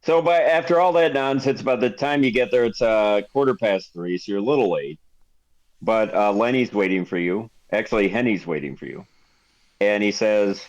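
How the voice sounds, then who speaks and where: A man's voice: fairly low pitch, normal speed, no echo. A man narrating as game master in a casual, laughing way.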